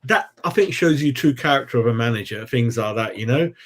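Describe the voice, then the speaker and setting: A man hosting a football fan chat, talking in a rambling, animated way and calling everyone mate. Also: mid-range voice, a little fast. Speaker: fan channel host.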